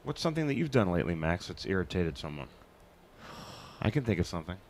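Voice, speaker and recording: A man's voice: low voice, big pitch swings, fast, a little mellow, slight background noise. A man hosting a live web show, joking and rambling in casual chat. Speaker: host.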